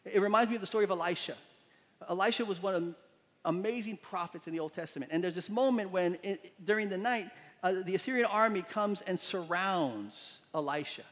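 A man preaching a sermon as pastor, telling stories with lively voices for the people in them. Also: high-pitched, brisk, in a large hall. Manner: animated storytelling, acts out quotes with voices. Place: church sanctuary.

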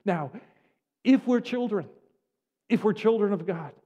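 Older male pastor with a high voice. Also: lively intonation, measured pace, dark tone, dull audio. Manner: earnest, repetitive preaching cadence. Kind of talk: sermon. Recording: long reverb of a large hall.

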